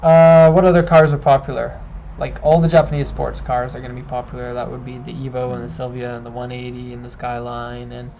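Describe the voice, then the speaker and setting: A man's voice: medium pitch, completely flat delivery, a little fast, warm tone, lo-fi sound, slight background noise. A man hosting a casual live-stream chat, explaining car details step by step. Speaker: host.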